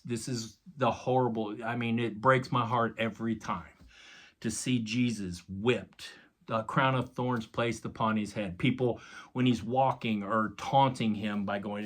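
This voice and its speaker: Guy preaching, big dramatic storytelling, talks to folks like buddies. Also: mid-range voice. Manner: dramatic retelling with acted quotes and sound effects; casual, addresses listeners as guys. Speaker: pastor. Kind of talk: sermon.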